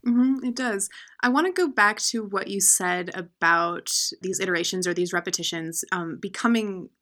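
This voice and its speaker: A female host of a book show interviewing a poet, asking measured, considered questions. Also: mid-range voice, a bit bright.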